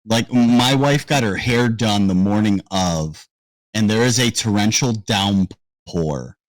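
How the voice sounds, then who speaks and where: A man's voice: lowish voice, slow pace, dry recording, rough recording. A married man co-hosting a podcast, telling stories in casual chat with wry asides. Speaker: podcast co-host.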